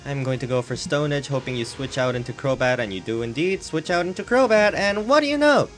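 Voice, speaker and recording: A man commentating his online battles live, in a loose, rambling way full of jokes and the odd curse. His voice sits at an ordinary middle pitch, and faint music plays underneath. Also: brisk. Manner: rambling, joking, swears. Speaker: game commentator. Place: home on a hot day.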